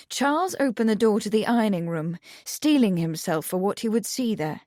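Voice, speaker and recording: A woman narrating an audiobook mystery in a slow, expressive storytelling manner. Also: mid-range voice, no echo, studio quality. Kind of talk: scripted narration.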